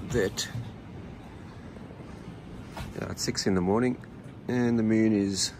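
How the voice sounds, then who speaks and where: A man with a croaky, just-woken voice, speaking slowly and drowsily in a casual travel vlog, recorded outdoors. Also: on the low side. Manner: slow, drowsy. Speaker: sailing vlogger. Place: outdoors on a boat at dawn. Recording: outdoor noise.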